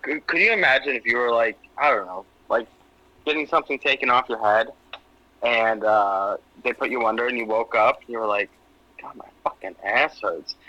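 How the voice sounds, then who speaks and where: A man's voice: mid-range voice, a little fast, no room sound, highs cut off. A man co-hosting a podcast over a video call, cracking crude jokes in casual chat. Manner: joking, crude, animated. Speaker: podcast co-host.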